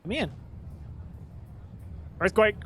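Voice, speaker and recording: A man's voice: sits high, lively intonation, drawn-out words, breathy edge. A man giving casual let's-play commentary, sarcastic and muttering at the game. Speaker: gaming video host.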